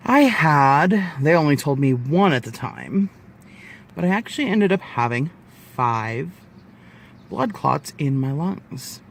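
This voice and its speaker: A gravelly-voiced vlogger in his twenties, fairly high in pitch and slow-paced, shares a personal story to camera over a little hiss or hum. His telling is casual, animated and profane, with the quoted people acted out.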